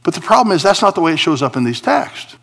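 A man preaching a sermon, swinging between emphatic high points and a quiet confiding tone as he explains Hebrew words from scripture. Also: fast talker, gravelly. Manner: animated preaching, rising for emphasis, dropping to a confiding hush. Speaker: pastor.

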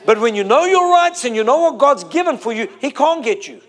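High-voiced preacher, emphatic. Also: male voice, big pitch swings, a little fast, a bit bright. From South Africa. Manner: emphatic, repeating phrases and drawing out key words. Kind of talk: sermon.

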